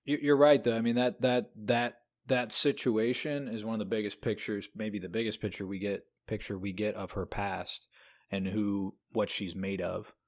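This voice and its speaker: A man co-hosting a podcast, talking through a novel in a lively, rambling way. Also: lowish voice, normal speed. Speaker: podcast co-host. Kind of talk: casual book discussion.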